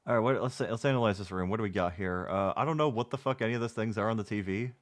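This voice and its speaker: A man reacting to a music video in casual commentary. He is sarcastic and swears, and his voice is strained from clearing his throat. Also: fairly low pitch, racing. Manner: sarcastic, swears, mutters asides. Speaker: reaction streamer.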